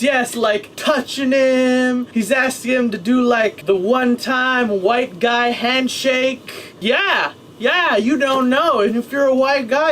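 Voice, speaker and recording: A young man in a casual vlog, rambling and excitable, talking to a webcam at home. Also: very high-pitched, a little hiss or hum.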